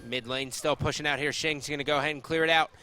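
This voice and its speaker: A male co-caster gives color commentary on an esports match, relaxed in the lulls and loud and hyped when fights break out. His voice is high and very sharp and bright. Faint ambience sits under the broadcast. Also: fast, a little hiss or hum. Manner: laid-back banter, rising to loud hype in fights.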